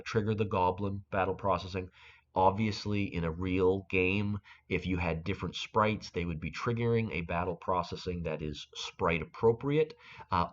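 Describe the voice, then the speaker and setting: A man hosting a screen-recorded software tutorial, explaining step by step with frequent fillers and restarts. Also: sits low, highs cut off. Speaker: game-making tutorial host.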